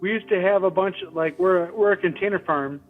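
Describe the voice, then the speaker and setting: Halting man on a tinny phone line. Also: high voice, soft background music. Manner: relaxed, halting, many fillers. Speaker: podcast guest. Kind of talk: casual conversation.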